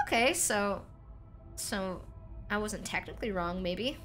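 With soft music in the background, a young woman from North America gives casual gameplay commentary in an unhurried, mid-range, fairly bright voice. She rambles, restarts, giggles often, and her voice cracks.

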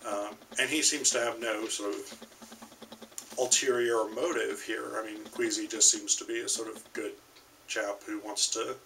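A man's voice: lowish voice, steady tone, normal speed, bright, forceful tone, far from the mic, a little hiss or hum, rough recording. A man giving a video lecture on a short story, talking hesitantly with many ums and restarts.

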